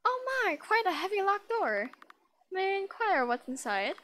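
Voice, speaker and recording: A woman's voice: very high voice, animated, brisk, a bit bright, voice pushed up. A woman voicing a polite, prim young visitor who speaks in a refined, formal way while reading game dialogue aloud. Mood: curious. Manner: genteel, formal, chirpy.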